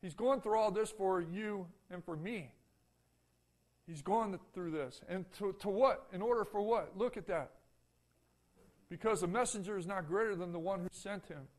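A man's voice: high-pitched, moderate pace. A man preaching a sermon as pastor in a church, emphatic and full of repeated rhetorical questions to the congregation. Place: church sanctuary.

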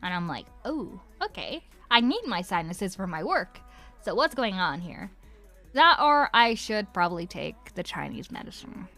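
A woman's voice: medium pitch, sing-song, normal speed, bright, forceful tone. A woman with an Irish accent, a voice actress chatting casually and giggling on a livestream while signing autographs at home. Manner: chatty and giggly, muses aloud while writing. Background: faint background music.

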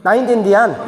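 A man, a senior pastor, teaching church leaders in choppy, emphatic phrasing that rises into bursts. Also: high voice. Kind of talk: teaching seminar sermon. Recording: echoey hall reverb.

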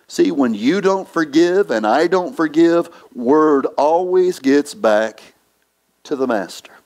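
A male pastor delivers a sermon in a church, his voice pitched a little high. He preaches slowly and deliberately, leaning on repeated phrases for emphasis. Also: darkish tone.

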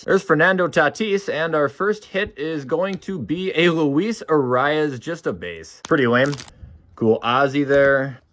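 A young man chatting casually in a vlog, excited and chatty as he opens packs in his home basement, swearing now and then. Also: fairly high pitch, a little slow. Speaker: vlogger. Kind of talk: casual card-opening vlog.

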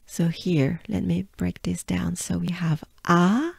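A woman's voice: lowish voice, fairly even intonation, slow, gravelly, darkish tone, husky, no echo, studio quality. A woman from France with a French accent, teaching pronunciation patiently and breaking words into syllables. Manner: patient, drills sounds syllable by syllable. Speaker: pronunciation coach. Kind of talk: slow pronunciation lesson.

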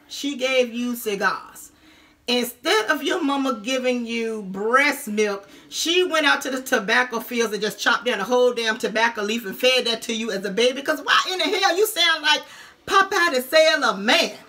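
Woman, high bright voice, taunting roast rant, vlog to camera. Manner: sassy, taunting, drawn-out "honey" and "girl". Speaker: YouTube vlogger.

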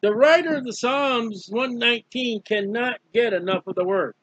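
A man's voice: extremely high pitch, normal speed, a bit bright, dry recording. A man preaching a fervent, emphatic Bible study sermon, repeating key phrases. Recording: dull lo-fi dry recording.

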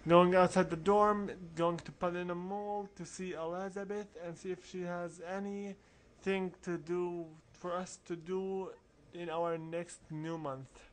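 A man's voice: sits high, level tone, a little slow, hardly any pauses. A man giving casual, rambling commentary over a role-playing game walkthrough, mumbling through asides. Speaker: let's play narrator.

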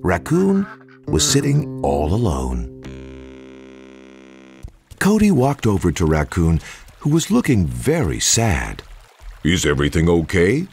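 A man narrating a children's storybook in an expressive, sing-song read-aloud manner. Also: low-pitched, takes it slowly, long pauses. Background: music.

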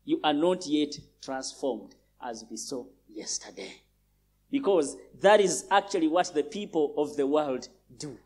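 Emphatic high-voiced pastor from Uganda. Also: male voice, expressive, measured pace, darkish tone, breathy edge. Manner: emphatic, rising on key phrases, repeats for stress. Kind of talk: sermon. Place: large church.

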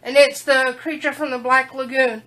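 A woman's voice: high voice, fairly even intonation, normal speed, pushed and bright. A woman chatting casually while unboxing a package, breaking off to coax her dog. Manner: chatty, talks baby-talk to her dog. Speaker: unboxing vlogger.

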